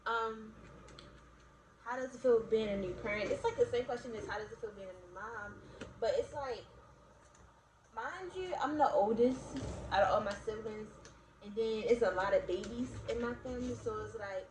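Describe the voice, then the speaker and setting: A young adult vlogger from Baltimore, USA, with a slightly high, darkish voice at normal speed, chats casually with her viewers. She rambles, laughs often and fills her speech with "like" and "y'all." The room sounds echoey, with faint background noise.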